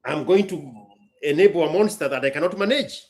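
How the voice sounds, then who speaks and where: A man's voice: fairly high pitch, fairly quick, a little mellow. A man, a business owner hosting a casual chat, telling a story emphatically and bluntly. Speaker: business owner and show host.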